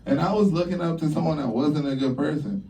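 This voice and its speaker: A young male stand-up comic on a club stage, talking brash and profane. He has a dark, mellow tone and acts out his stories with sudden high jumps in pitch. He sounds set back from the mic. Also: a little fast, gravelly, far from the mic. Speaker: stand-up comedian. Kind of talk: stand-up routine.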